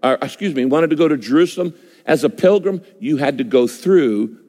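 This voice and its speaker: A man's voice: on the high side, lively intonation, brisk, dark tone. A man preaching a sermon as a pastor, emphatic and repeating key phrases for effect. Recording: long hall reverb.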